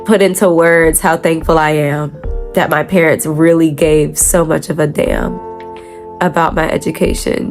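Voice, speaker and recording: A woman's voice: sits low, steady tone, unhurried. Young woman, casual makeup vlog, rambling, slangy, laughs a lot, faint background music. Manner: rambling, filler-heavy, frequent self-corrections. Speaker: makeup vlogger. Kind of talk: casual chat while doing makeup.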